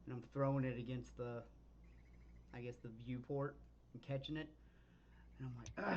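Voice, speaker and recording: A player in a tabletop game talks in a sarcastic, swearing way. The voice is gravelly and rough. Faint noise hums behind it. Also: medium pitch, steady tone, normal speed, pauses often, a little mellow. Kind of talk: casual tabletop play.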